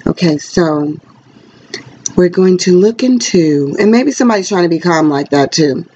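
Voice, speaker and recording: A woman's voice: fairly low pitch, animated, warm tone, a little hiss or hum. A woman chattering through a rambling tarot reading. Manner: rambling, chatty, with quick pressured speech; frank and blunt. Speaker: tarot card reader. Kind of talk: casual tarot reading to camera. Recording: dull lo-fi recording.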